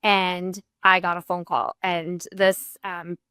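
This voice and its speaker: A woman's voice: lowish voice, flat delivery, slow, sharp tone, clean tone, dry recording. Candid woman telling stories in a dry room. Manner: candid storytelling with frequent restarts, acts out quoted dialogue. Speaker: real estate agent and coach, guest. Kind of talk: casual interview conversation.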